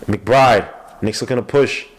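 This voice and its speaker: Podcast host, male, mid-range pitch, stuffy nose, loose rambling play-by-play. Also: normal speed. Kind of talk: casual live game commentary.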